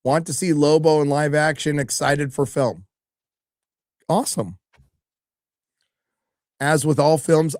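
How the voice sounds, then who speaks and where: A man's voice: on the high side, slow, long pauses, darkish tone, no echo. Casual middle-aged male streamer, dry sound. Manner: casual, swears often, reads out viewer messages. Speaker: livestream host reading donations. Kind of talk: casual live-stream chat.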